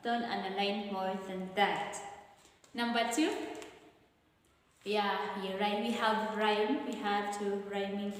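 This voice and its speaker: A Kenyan woman teaches an English revision lesson at a very slow, careful pace. She walks through each answer and repeats the key points. Her voice rings around a bare room with a long, lingering reverb. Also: mid-range voice, flat delivery. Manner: slow, deliberate explaining with repetition.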